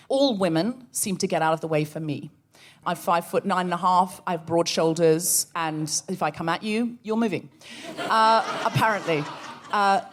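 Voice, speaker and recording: A woman co-hosting a comedy podcast, telling a story with animated energy and acting out the voices she quotes. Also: on the low side. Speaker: podcast co-host. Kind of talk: comic storytelling before a live audience.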